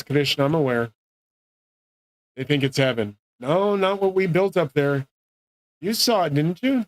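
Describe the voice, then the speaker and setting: A man's voice: on the high side, no room sound. Man ranting in a dry, close voice. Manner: profane, grandiose ranting. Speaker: streamer. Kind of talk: rambling solo monologue.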